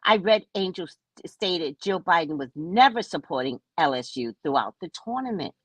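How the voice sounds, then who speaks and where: A woman's voice: lowish voice, expressive, moderate pace, slightly rough, no room sound, poor audio. A woman chatting casually with viewers on a home live stream, reading their comments aloud and answering them. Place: at home by the kitchen table.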